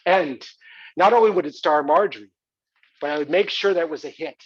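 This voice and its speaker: A man's voice: on the high side, fairly quick, husky. An actor playing a wealthy, boastful male arts patron in a theatrical monologue. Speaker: actor in a one-man stage play. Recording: dull lo-fi recording.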